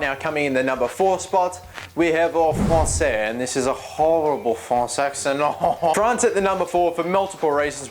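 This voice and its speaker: A man giving casual, joking gaming commentary, chatty and rambling, often correcting himself mid-sentence. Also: mid-range voice. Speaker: video game YouTuber.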